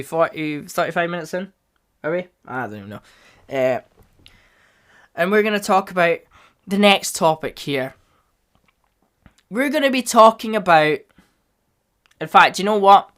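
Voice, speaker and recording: A man hosting a solo podcast, rambling casually and bursting into loud enthusiasm. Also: fairly high pitch. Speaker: podcast host.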